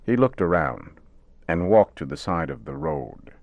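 A man narrating a radio story in measured, simple wording. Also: low-pitched, very animated, gravelly, no echo, narrow, tinny audio.

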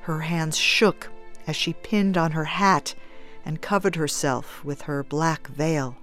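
A woman narrating a classic story in a measured, even reading style. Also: sits low, no echo. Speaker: audiobook narrator.

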